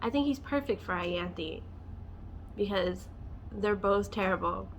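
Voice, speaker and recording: A woman's voice: mid-range voice, animated, measured pace, lo-fi sound, slight background noise. A woman vlogging a casual, passionate book rant, talking emotionally and filling her speech with "like.". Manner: passionate, emotional, many fillers like "like".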